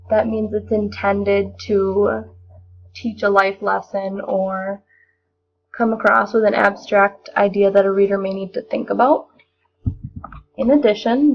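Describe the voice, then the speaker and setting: A young woman giving a measured, explanatory spoken analysis of a poem as a lesson. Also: medium pitch, vocal fry. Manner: measured, explanatory, occasional restarts. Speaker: student presenter. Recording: dull lo-fi recording.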